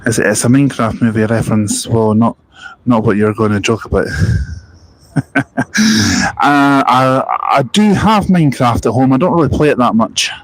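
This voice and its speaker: A man's voice: medium pitch, moderate pace, long pauses, poor audio. A Scottish man chatting casually on a bus-spotting live stream, reading out viewer comments in a jokey, rambling way. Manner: jokey, rambling, laughs at his own stories.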